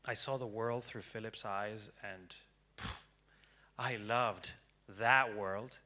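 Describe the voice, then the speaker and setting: A young man giving a prepared storytelling talk on stage, dramatic and swinging from hushed to loud. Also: lowish voice, steady tone, slow pace. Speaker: speaker. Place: stage before an audience.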